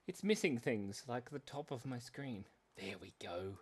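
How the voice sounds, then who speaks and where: A man's voice: medium pitch, sing-song, a little slow, husky. A man hosting a live drawing stream for kids, chatting playfully and rambling with self-mocking jokes. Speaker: livestream drawing host for kids. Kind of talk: casual live-stream chat.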